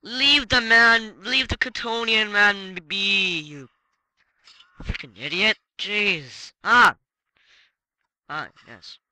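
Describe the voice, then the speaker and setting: Male let's play gamer, high voice, unhurried delivery, excitable outbursts, swearing. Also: dry recording, poor audio. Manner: excitable, swearing, frequent exclamations. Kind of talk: casual gameplay commentary.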